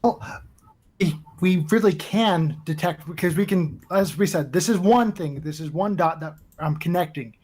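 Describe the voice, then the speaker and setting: A man calling into a livestream debate, easygoing and quick to laugh, stringing his points together in loose chains. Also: on the high side, a little mellow, breathy edge. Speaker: guest caller. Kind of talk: casual debate chat. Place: home with chickens right outside.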